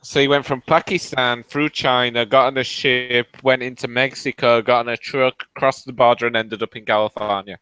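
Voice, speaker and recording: Bright-voiced man teasing on voice chat. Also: medium pitch, steady tone, normal speed, few pauses, smooth, no room sound. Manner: mocking, interrogating, laughing. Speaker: voice chat participant.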